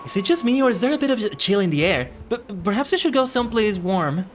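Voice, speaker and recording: A man doing a high, flustered young woman. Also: animated, fast, faint music behind. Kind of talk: reading game dialogue aloud.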